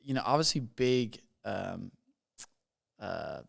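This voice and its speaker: Young man, from Bermuda, podcast guest, rambling casual storytelling, gravelly fry, lowish voice. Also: lively intonation, slow pace, a bit bright. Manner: rambling, filler-heavy with frequent "like".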